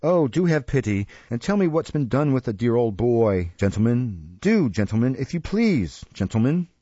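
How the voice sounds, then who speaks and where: A man's voice: mid-range voice, big pitch swings, moderate pace, darkish tone, dry recording, highs cut off, voice pushed up. A man voicing a spirited, cool-headed young woman who speaks in a collected, composed way. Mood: mock distress.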